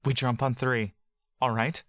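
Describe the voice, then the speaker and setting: Wounded healer guy, calm but urgent, slow reassuring voice, narrator doing him. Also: medium pitch, dry recording, studio quality, lightly acted.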